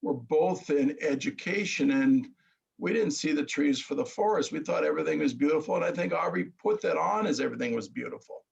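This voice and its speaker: A middle-aged man telling his story earnestly in casual chat, halting and restarting. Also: a little high, animated, creaky, husky, lo-fi sound. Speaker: guest.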